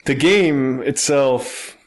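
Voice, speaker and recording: A young man co-hosting a gaming podcast, his voice at an ordinary middle pitch. He chats casually, cracking jokes and breaking into laughter often. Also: drawn-out words. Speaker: podcast co-host.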